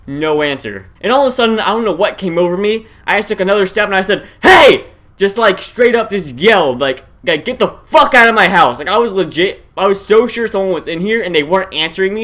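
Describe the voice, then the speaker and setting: A young man vlogging, casually telling a tense story to his viewers and calling out to them as guys. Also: a little high. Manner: animated, addresses viewers as guys, shouts at tense moments.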